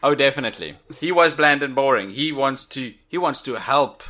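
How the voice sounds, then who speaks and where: Bright-voiced man, casual podcast chat. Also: medium pitch, lively intonation, normal speed. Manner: agreeable, hesitant with fillers. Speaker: podcast co-host.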